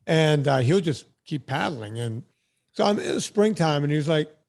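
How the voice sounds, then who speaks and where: A man's voice: a little high, animated, moderate pace, gravelly, darkish tone. A man hosting a podcast interview, chatting casually and telling stories with self-deprecating humor. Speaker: podcast host.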